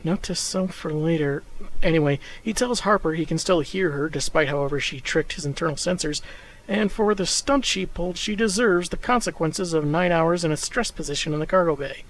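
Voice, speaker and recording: A man with a fairly high voice reads a scripted comic recap at an even clip. He slips dry, sarcastic jabs into the summary. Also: fairly quick, poor audio. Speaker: comic book reviewer. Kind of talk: scripted narration.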